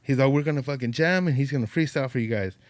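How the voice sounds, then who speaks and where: A man's voice: medium pitch, rapid-fire, dry recording. A man as a podcast guest telling stories in casual chat, swearing a lot, rambling, and acting out the voices of people he quotes.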